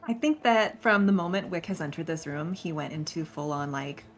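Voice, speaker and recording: A woman's voice: low voice, animated, normal speed, faint music behind. A woman player in a tabletop game, rambling and giggly with lots of fillers. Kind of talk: casual tabletop play.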